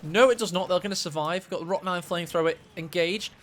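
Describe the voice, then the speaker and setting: Excitable esports caster, higher voice. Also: male voice, quick pace, a little hiss or hum. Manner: excitable, gasps at big plays. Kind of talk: live game commentary.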